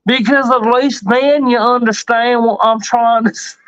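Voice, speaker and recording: High-voiced Texan woman, slow drawl. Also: steady tone, fairly bright tone, no echo, dull audio. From Texas. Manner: drawling, folksy, says y'all. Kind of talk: casual chat.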